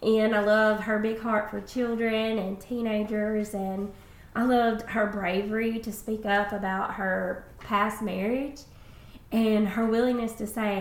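Gravelly-voiced enthusiastic woman co-host. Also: mid-range voice, level tone, measured pace, reverberant. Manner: enthusiastic, heartfelt. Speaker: podcast co-host. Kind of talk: casual faith podcast chat.

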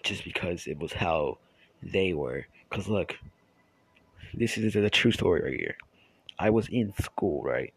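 A man talking straight to his channel's viewers in a casual monologue, rambling and halting with many restarts and trailing asides. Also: sits low, animated, husky, dry recording, poor audio. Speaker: YouTuber.

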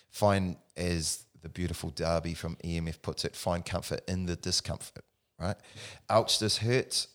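A man coaching mobility in casual podcast chat, animated and acting out little voices, often saying bro. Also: low-pitched. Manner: animated, acts out voices of the body, says bro.

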